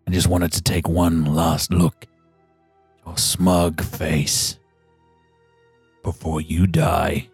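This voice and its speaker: A man voicing a menacing, gloating villain in a tabletop game, speaking slowly with cold threats. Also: low voice, level tone, vocal fry, darkish tone, breathy edge, dry recording, faint music behind, exaggerated voice. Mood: gloating menace. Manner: slow, taunting, gloating delivery. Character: menacing villain, a man who has returned.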